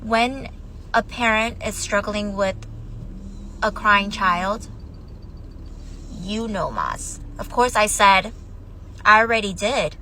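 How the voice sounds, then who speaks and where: A woman's voice: mid-range voice, slow pace, pauses often, pushed and bright, slight background noise, rough recording. A mother telling a personal story in an emotional, shaky voice, close to tears. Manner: tearful, shaky, on the verge of crying. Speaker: mother of young children.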